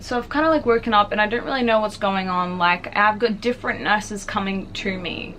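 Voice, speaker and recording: A woman's voice: mid-range voice, a little fast, hardly any pauses, a bit bright, slight background noise. A young adult woman vlogger casually telling a personal story, chatty and full of fillers. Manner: chatty, filler-heavy, frequently says "like".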